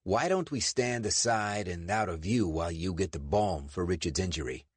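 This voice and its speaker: A man's voice: low voice, normal speed, slightly rough, no room sound. A man voicing a cautious, impatient American agent in an audiobook, blunt in manner. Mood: wary.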